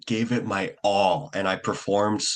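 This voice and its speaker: Speaking on the low side in a steady tone, a young actor rambles through a casual interview, full of fillers and brief acted-out quotes.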